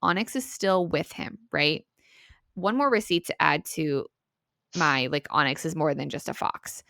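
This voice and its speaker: A woman co-hosting a podcast, retelling a book's chapter in an animated, casual way full of "like" and "right?". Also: sits low, unhurried, gravelly, no room sound, studio quality. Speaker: podcast co-host. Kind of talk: casual book-review chat.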